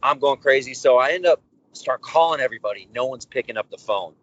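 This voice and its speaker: A young adult man, a baseball pitcher being interviewed, telling his story casually and acting out the dialogue as he goes. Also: quick pace, breathy edge. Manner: animated, candid storyteller acting out quoted dialogue. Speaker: professional baseball pitcher, guest. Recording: dull lo-fi audio with faint background noise.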